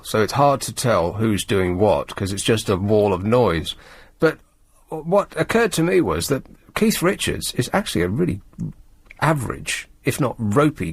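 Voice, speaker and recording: A man's voice: medium pitch, breathy edge, no room sound. A male radio host from England chatting over the news in a dry, sardonic, rambling way, full of ums and asides. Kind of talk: late-night radio chat and news commentary.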